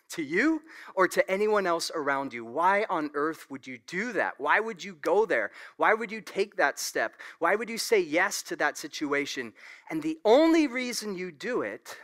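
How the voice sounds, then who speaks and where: A man preaching a sermon as a pastor, telling stories in an animated way with quick laughs and asides to the congregation. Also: a little high. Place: church sanctuary.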